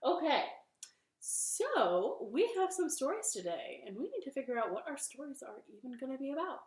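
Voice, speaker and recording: A woman leading a children's storytime from her living room, gentle and encouraging, with a sing-song manner for the kids. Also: sits high, sing-song, normal speed, roomy sound.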